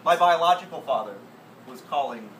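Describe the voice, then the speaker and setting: Rambling improv comedian on a far-off stage. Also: male voice, a little high, lively intonation, brisk, a bit bright. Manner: rambling, laughing, trailing off mid-sentence. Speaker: improv performer. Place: small comedy theatre stage. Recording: roomy stage sound from far off with noise.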